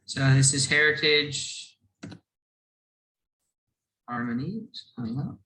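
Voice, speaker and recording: A man's voice: a little high, lively intonation, slow, pushed and bright, reverberant, low-quality recording. A man presenting a whiskey brand on a video call, explaining earnestly, restarting phrases and chuckling now and then.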